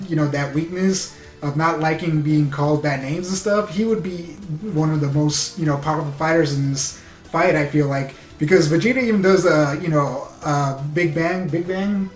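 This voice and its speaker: A man giving a casual, excited episode recap as a reviewer, rambling with lots of fillers. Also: on the high side, normal speed, reverberant, soft background music. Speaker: anime reviewer.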